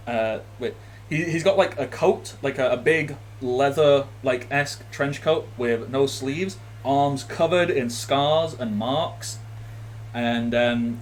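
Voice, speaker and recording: A man's voice: mid-range voice, a little hiss or hum. A man narrating as game master of a tabletop game, rambling with many fillers and restarts.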